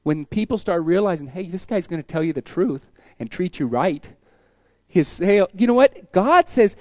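A man preaching a casual sermon, telling folksy stories and acting out the people in them with sudden loud bursts. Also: high voice, expressive, moderate pace, dry recording. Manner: storytelling, acts out quoted voices with sudden loud bursts; folksy, conversational.

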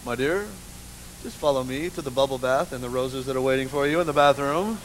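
Brief: preacher putting on a low, velvety butler-like husband, softly formal, doting. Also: male voice, a little fast, slight background noise, lightly acted, low-quality recording. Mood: suave. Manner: hushed, smooth and courtly. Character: overly formal doting husband serving his wife.

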